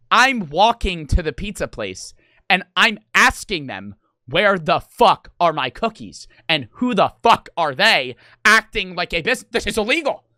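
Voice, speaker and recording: A young man streamer telling an animated story, excitable, swearing a lot and talking in rapid, emphatic bursts. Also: high voice, no echo, studio quality. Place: gaming house room.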